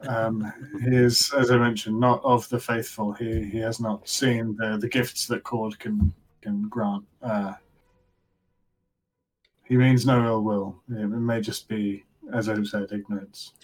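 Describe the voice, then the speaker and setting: A man's voice: fairly low pitch, flat delivery, a little slow, distant mic, low-quality recording. A man voicing a polite male adventurer companion who speaks hesitantly and apologetically. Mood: apologetic.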